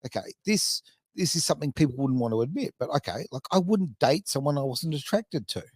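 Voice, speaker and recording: A man's voice: on the high side, animated, brisk, slightly rough, dry recording, studio quality. A man, hosting a casual podcast chat, talking in a chatty, self-mocking way with lots of fillers. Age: 50s. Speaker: radio podcast host.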